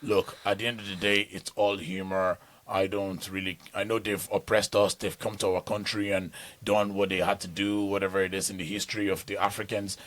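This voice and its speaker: A man's voice: on the low side, dry recording. A young man from Nigeria with an accent mixing Nigerian and Irish, chatting loosely as a podcast guest. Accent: Nigerian with Irish mix. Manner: animated, loose, often breaks into mock Irish voices. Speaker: guest, comedian and vlogger. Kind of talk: casual podcast chat.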